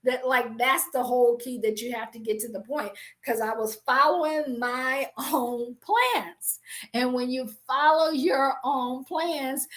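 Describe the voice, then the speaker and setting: A middle-aged woman with a high, bright-sounding voice teaches business planning through scripture. She speaks emphatically and with animation, restarting sentences as she drives her points home. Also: measured pace. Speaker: business coach and Bible teacher. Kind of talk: faith-based business teaching.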